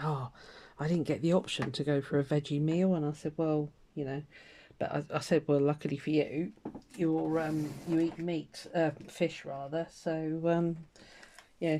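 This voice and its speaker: An older woman rambles through a casual catch-up as she stitches, her voice mellow and soft-edged. She drifts between topics with plenty of fillers and light laughter. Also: sits low. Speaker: craft vlogger. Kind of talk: casual chat while stitching.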